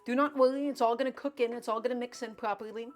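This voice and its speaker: A woman's voice: fairly high pitch, fairly even intonation, quick pace, background noise. A woman streaming from her home kitchen, chatting and coaching viewers through each cooking step. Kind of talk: live-stream cooking chat.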